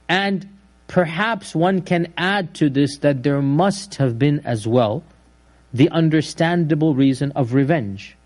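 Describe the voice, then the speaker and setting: A man's voice: medium pitch, darkish tone. A man giving an Islamic history lecture, telling the story in a conversational way with frequent restarts and asides.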